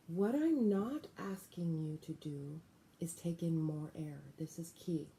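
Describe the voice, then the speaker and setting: A woman teaching a guided breathing lesson, giving calm, deliberate instructions. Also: low-pitched, a little hiss or hum.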